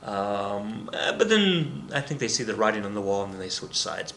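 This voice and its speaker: Male history teacher, bright voice, digressive and self-correcting, recorded in an echoey room. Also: on the low side, fairly quick, vocal fry, a little hiss or hum. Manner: rambling, self-correcting, joking asides. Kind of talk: recorded classroom lecture. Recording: roomy echo with faint ambience.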